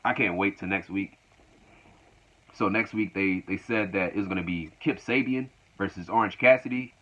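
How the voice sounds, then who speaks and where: A man's voice: on the low side, pushed and bright. A man recapping a wrestling show casually, in a loose, repetitive retelling. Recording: dull lo-fi recording.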